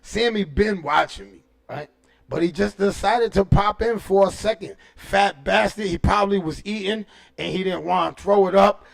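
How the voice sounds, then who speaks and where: A man hosting a casual livestream, giving shout-outs and boisterous, profane trash talk full of street slang and "you know what I'm saying.". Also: high-pitched, moderate pace, vocal fry. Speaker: livestream host.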